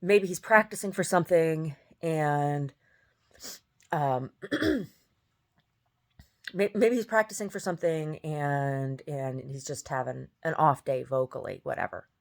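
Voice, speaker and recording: A woman's voice: unhurried, gravelly. A woman who sings tells a story in a casual, exasperated rant, often mimicking other people. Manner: animated, exasperated, mimics others in high voices. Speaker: singer.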